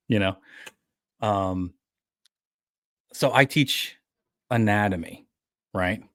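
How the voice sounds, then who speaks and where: A man's voice: on the low side, unhurried, long pauses, no room sound, clean studio sound. A man with a New York accent on a podcast, talking casually and rambling, often restarting his sentences. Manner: rambling, self-correcting storyteller. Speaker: podcast co-host. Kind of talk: casual chat.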